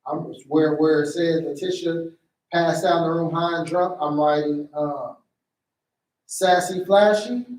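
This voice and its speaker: A man runs a play rehearsal, calling out blocking and jumping into the characters' lines with animated energy. His voice sits high for a man. He is recorded from a distance in a room that echoes around him. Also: a little slow. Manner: animated, acts out lines in a higher voice. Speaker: stage play director. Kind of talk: directing a rehearsal, giving blocking notes. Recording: echoey room, voice away from the mic.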